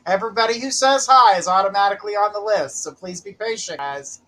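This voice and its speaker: A man's voice: high voice, fast, fairly bright tone, rough recording. A man hosting live psychic readings on a stream, casually calling viewers by name to ask their questions. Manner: calls out viewer names from a list, jokes about mispronouncing them. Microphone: live-stream mic with glitches.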